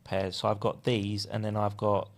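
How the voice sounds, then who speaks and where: A man, a relaxed interview guest who laughs often and hesitates with ums. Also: fairly low pitch, normal speed, creaky. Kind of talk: casual interview.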